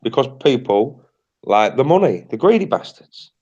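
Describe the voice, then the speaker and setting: A man's voice: medium pitch, sing-song, normal speed, darkish tone, breathy edge, dull audio. A British man hosting a livestream in casual chat, blunt and repetitive, swearing freely. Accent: British English. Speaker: livestream host.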